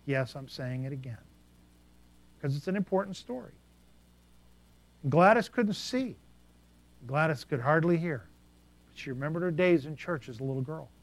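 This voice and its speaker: A male preacher with a slightly higher voice than most men, telling stories from the pulpit. His delivery is animated, dropping to quiet asides and then rising into loud bursts. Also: moderate pace, pauses often. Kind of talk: sermon storytelling.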